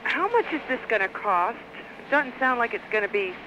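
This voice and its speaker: A woman's voice: on the high side, sing-song, moderate pace. A woman on a phone call, dry and wary, with sarcastic replies. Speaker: prank call target. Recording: noisy phone line.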